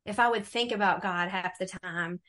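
A middle-aged woman telling her faith testimony in a relaxed conversation, animated and acting out the voices she quotes. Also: medium pitch, normal speed. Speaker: guest.

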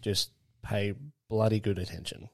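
A man's voice: fairly low pitch, flat delivery, unhurried. A man, co-hosting a podcast and telling a crude, rambling story in casual chat. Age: late 20s. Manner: crude, rambling, laughs while telling stories. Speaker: podcast co-host.

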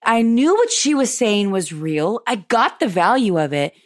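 A woman hosting a podcast, telling a personal story in a lively way and acting out what people said. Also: moderate pace, few pauses. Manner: animated, acts out quoted dialogue with big pitch jumps. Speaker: podcast host.

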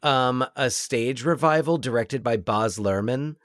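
A man's voice: mid-range voice, unhurried, no echo, studio quality. A man co-hosting a podcast, talking about films in a rambling way with many fillers and restarts. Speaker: podcast co-host. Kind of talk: casual film discussion.

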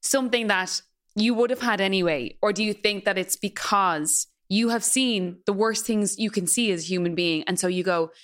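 A woman interviewing a guest, emotional and halting as she searches for her words. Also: medium pitch, fairly bright tone.

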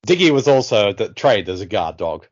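A man's voice: fairly low pitch, very animated, normal speed. A man casually chatting through a film as a commentary co-host, joking and making playful asides. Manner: jokey, playful asides with silly voices. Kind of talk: casual movie commentary chat. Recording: dull lo-fi audio.

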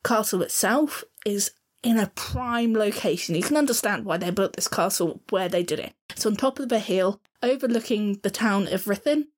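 A woman's voice: medium pitch, expressive, moderate pace. A woman with a Southern English accent co-hosting a podcast, chatting casually and laughing at her own attempts to pronounce place names. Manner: chatty and self-deprecating, apologises for her pronunciation. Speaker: podcast co-host.

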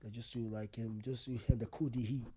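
A young man telling a personal story as an interview guest, rambling and halting with many fillers and restarts. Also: mid-range voice, flat delivery, dark tone, breathy edge, no room sound. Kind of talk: casual interview talk.

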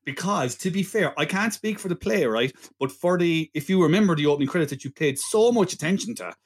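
A man's voice: fairly high pitch, lively intonation, brisk. A man co-hosting a casual film review podcast, laughing along and cutting in to push back. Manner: laughing, chiming in, pushes back on the riffs. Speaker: podcast co-host.

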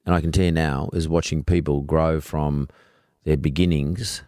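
A man's voice: very deep voice, steady tone, moderate pace, mellow, dry recording, clean studio sound. A man hosting an interview, asking rambling questions that he restarts often. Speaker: host.

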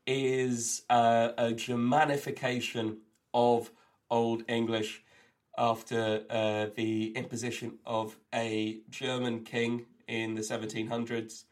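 A man co-hosting a comedy podcast, recorded remotely over a call. He rambles eagerly through odd facts, stumbling over his words with plenty of ums and restarts, in a voice of ordinary middle pitch. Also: flat delivery, slow. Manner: rambling, enthusiastic trivia-sharing with many fillers. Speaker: co-host. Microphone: remote call, recorded on own end.

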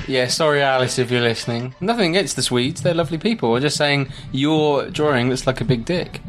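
A man's voice: medium pitch, brisk, soft background music. A man co-hosting a podcast, bantering and teasing the others in casual chat. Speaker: podcast co-host.

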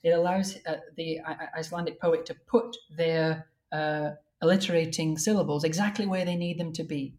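A woman translator in an academic conversation, explaining her work carefully and reading verse lines slowly and deliberately. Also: low voice, fairly even intonation, darkish tone. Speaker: translator of Old Norse verse.

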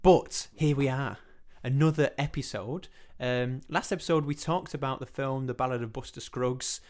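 A man's voice: medium pitch, normal speed. A man with a British accent hosting a film podcast, chatting casually and joking around. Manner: jokey, playful, self-mocking. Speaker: podcast host. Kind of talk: casual chat.

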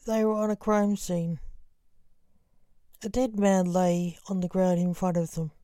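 Woman, story podcast host, measured theatrical narration, slow, dry close sound. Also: on the low side, flat delivery, mellow, dry recording.

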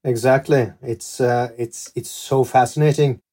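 A man's voice: mid-range voice, steady tone, unhurried, dark tone. A man hosting a podcast interview, mixing casual questions with passages read from prepared notes. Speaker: podcast host.

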